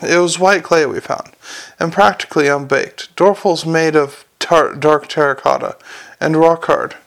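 A man's voice: a little high, fairly even intonation, unhurried, vocal fry, fairly bright tone. A man voicing an earnest young male watch officer who explains things patiently and carefully. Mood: explaining.

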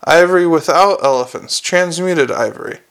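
A man reads a weary alchemist with a dry, understated delivery. The voice is gravelly and slightly raised. He stays polite and a little gloomy. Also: a little high, lively intonation, normal speed, fairly bright tone. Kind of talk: audiobook character reading.

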